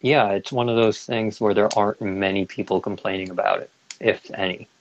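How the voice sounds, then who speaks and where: A man with a low, gravelly voice chats on a podcast in a relaxed way. He is agreeable and often answers with short replies. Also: brisk, highs cut off. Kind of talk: casual podcast chat.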